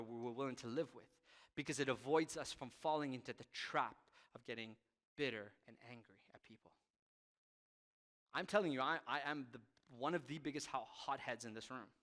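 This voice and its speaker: Passionate man preaching in a hall. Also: medium pitch. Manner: passionate, swings from loud to quiet. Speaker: youth pastor. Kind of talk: sermon. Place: church hall stage. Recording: long reverb of a hall.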